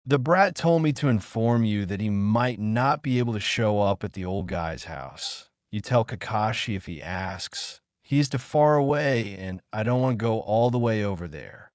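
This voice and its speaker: A man voicing a gruff male fox spirit who speaks in a bored, dismissive way in a fan fiction reading. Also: lowish voice, animated, moderate pace, hardly any pauses, no room sound, clean studio sound, close to an everyday voice.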